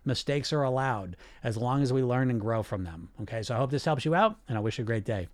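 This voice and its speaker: A man's voice: mid-range voice, animated, fast, dry recording. A man hosting a weight-loss coaching show, talking energetically and straight to his listeners, often repeating himself. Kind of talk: casual live coaching talk.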